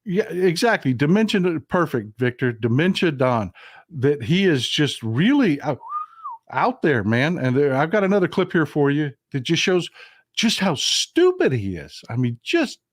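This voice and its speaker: A man's voice: a little high, big pitch swings, unhurried, dry recording, studio quality. A man with a Southern American accent hosting a casual political live stream, talking in a folksy, emphatic way and answering his chat.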